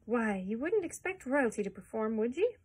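A woman's voice: on the high side, big pitch swings, normal speed, husky. A woman reading aloud, voicing a jolly male traveling peddler with a sing-song, folksy patter.

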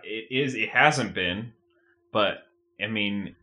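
A man's voice: on the low side, takes it slowly, pushed and bright. A man co-hosting a podcast in casual chat, earnest and playfully exasperated. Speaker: podcast co-host.

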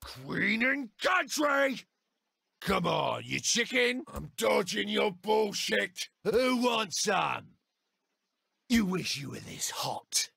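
Cocky british game boss, crude taunts, high gravelly voice, drawn out and slow. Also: male voice, very animated, pushed and bright, dry recording, exaggerated voice. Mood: taunting. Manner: mocking, crude, swaggering taunts. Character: cocky brash British male gang-boss president. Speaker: player character taunting. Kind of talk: video game voice acting.

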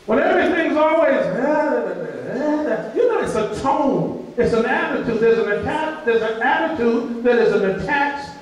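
A male pastor preaching a sermon, mimicking complaining voices and answering his own questions. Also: very high voice. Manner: preaching with call-and-response fillers and mimicked whining. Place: church sanctuary. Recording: echoey church hall from far off.

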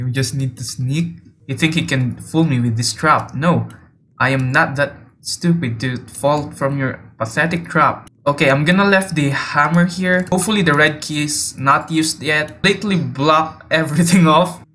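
A man giving jumpy, excitable gameplay commentary, teasing other players and often yelping and laughing. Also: a little high, moderate pace, a little hiss or hum. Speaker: video game player. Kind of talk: let's play gameplay commentary.

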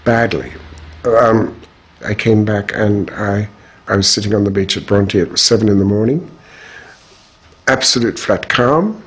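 An older man from Australia, recounting his life in an interview in a measured, frank way. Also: lowish voice, expressive, a bit bright, breathy edge. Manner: measured, frank, strong views. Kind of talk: reflective personal storytelling.

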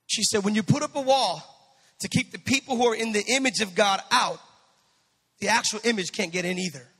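A male pastor preaching a sermon, swinging from soft storytelling to shouted fervor. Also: sits high, brisk, breathy edge, big-room sound.

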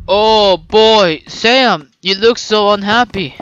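A gameplay commentator who swings between loud, sweary yelling at the game and low muttering to themself. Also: lively intonation, moderate pace, clean tone, no room sound, highs cut off. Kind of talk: let's play commentary.

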